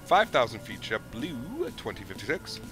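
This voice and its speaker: A man's voice: medium pitch, wildly swooping pitch, moderate pace, music in the background. A man streaming a flight simulator, chatting casually with viewers, thanking them and reading their chat messages aloud. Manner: casual and upbeat, chatty, calls viewers dude.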